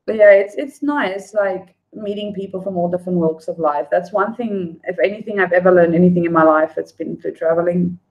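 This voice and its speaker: A woman's voice: fairly low pitch, steady tone, brisk, few pauses, highs cut off. A woman chatting casually on a livestream, greeting viewers by name. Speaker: livestream host. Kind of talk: casual livestream chat, reading viewer comments.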